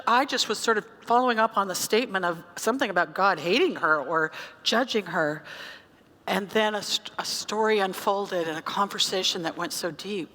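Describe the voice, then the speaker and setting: A woman pastor preaching a sermon, telling a story in a conversational, animated way. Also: medium pitch. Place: church sanctuary. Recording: church hall reverb.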